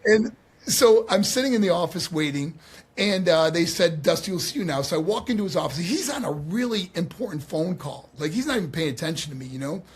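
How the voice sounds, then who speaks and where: A man in his sixties from New York, a guest on a podcast, telling animated stories and acting out the quotes. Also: high-pitched, a little fast, slightly rough. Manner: animated, acts out quotes, laughs often. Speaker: guest, former pro wrestler. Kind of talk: storytelling in a podcast conversation.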